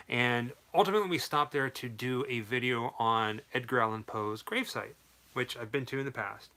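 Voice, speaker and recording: A man co-hosts a live stream in a relaxed way, dropping in short remarks and then telling a story step by step. His voice is bright and clear and sits at a middle pitch. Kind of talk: casual live Q&A chat.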